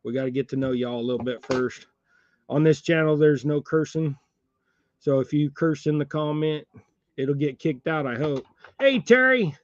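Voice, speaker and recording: A fishing-channel host on a livestream talks in a folksy, rambling way and chuckles between thoughts. His voice sits a little high for a man. The sound is dry and a bit muffled, with no room echo. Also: animated, moderate pace. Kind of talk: casual livestream chat while tying jigs.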